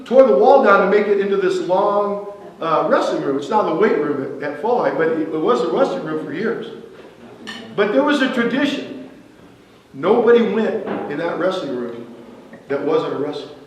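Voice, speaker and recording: A man's voice: high-pitched, expressive, normal speed. A man in his sixties telling stories at a roast, building each one to a punchline. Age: 60s. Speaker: former wrestler giving a roast speech. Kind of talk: anecdotal roast speech. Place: event venue hall. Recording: echoey hall, distant mic, faint noise.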